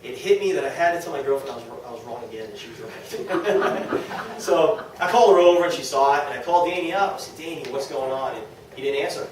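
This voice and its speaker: A man giving an enthusiastic testimonial talk to a small audience at a business meeting, quoting others in quick lively asides. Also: medium pitch. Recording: very echoey room, distant mic, faint noise.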